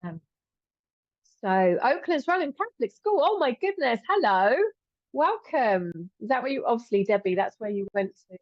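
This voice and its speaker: A woman's voice: medium pitch, no room sound, highs cut off. A middle-aged woman hosting a live stream, chatting affectionately as she greets viewers and calls them "my lovely". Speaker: host and angel teacher.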